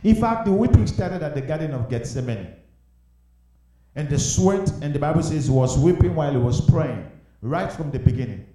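A man preaching a sermon with passion, swinging from hushed pleading to loud exclamations. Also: a little high, lively intonation, normal speed. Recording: very echoey room.

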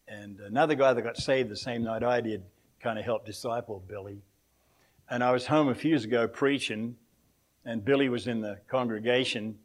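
A man's voice: mid-range voice, moderate pace. Older aussie guy whose accent has drifted american, preaching in church, going off on side stories and laughing as he goes. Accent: Australian, softened by years in America. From Australia. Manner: rambling storyteller, chuckles often. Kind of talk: anecdotal sermon.

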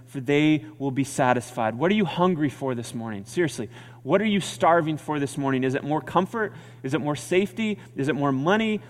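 Pastor, man, conversational earnest sermon delivery, bit higher voice, long church reverb. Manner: earnest, conversational preaching with repeated phrases.

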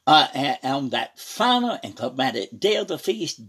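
A man preaching a sermon, reading scripture and breaking in with "praise God" and "hallelujah" as his voice swings between loud and soft. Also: mid-range voice, very animated, takes it slowly, hardly any pauses, husky. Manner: reads scripture aloud with preaching emphasis.

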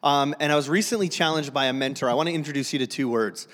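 A man preaching in a church, his fairly high voice carrying a long, ringing reverb from the hall. He jokes at his own expense and often stumbles into restarts as he talks to the congregation. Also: fast, a bit bright. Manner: self-deprecating, joking, frequent restarts. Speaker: guest pastor. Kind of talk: humorous sermon. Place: church sanctuary.

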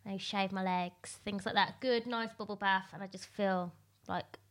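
A woman's voice: mid-range voice, steady tone, normal speed, a bit bright. A woman nail technician as a podcast guest, talking casually with lots of fillers. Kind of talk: casual interview chat.

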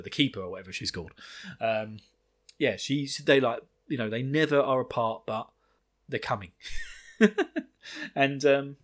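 A man's voice: mid-range voice, fairly bright tone. Rambling, laughing man recapping a book. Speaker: book reviewer.

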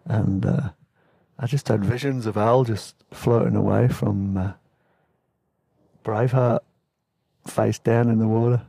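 Gravelly laid-back male storyteller. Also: on the low side, fairly even intonation, measured pace, long pauses, mellow, no room sound, studio quality. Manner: rambling and laughing, with fillers and slang. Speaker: podcast host telling travel stories. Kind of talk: casual storytelling.

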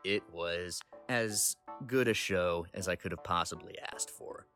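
A man's voice: low voice, a little slow, bright, forceful tone, soft background music. A man in his thirties reading an enthusiastic concert review aloud for a podcast. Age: 30s. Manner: enthusiastic storytelling.

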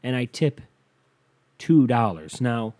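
A man's voice: medium pitch, big pitch swings, slow pace, darkish tone. A young man ranting to camera in a casual comedic monologue, swearing freely and acting out the people he quotes. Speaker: comedic vlogger.

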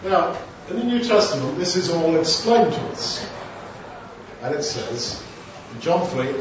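A man's voice: on the high side, big pitch swings, a little slow, pauses often, background noise. A man preaching a sermon in a casual, conversational way, often acting out short dialogues. He is recorded from a distant mic in a large echoey hall, and the sound is dull.

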